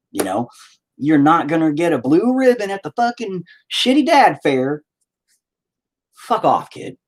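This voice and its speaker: Husky, profane man telling rambling stories. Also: mid-range voice. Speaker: live-stream painter. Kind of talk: rambling casual storytelling.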